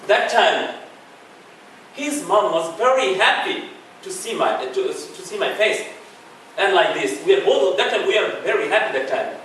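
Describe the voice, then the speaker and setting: A man's voice: sits high, lively intonation, a bit bright, a little hiss or hum. Bangladeshi man speaking in an echoey hall. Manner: earnest, halting, with restarts and chuckles. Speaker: guest speaker. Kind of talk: public talk with slides. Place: lecture hall. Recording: echoey hall, far from the mic.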